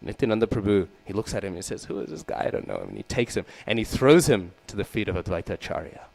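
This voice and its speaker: A man with a gravelly, darkish voice on the low side preaches at a quick pace with lively intonation, in a rough recording. He's giving a scripture class, telling a devotional story with the figures acted out and quizzing his listeners, often adding "right?" and "hmm?"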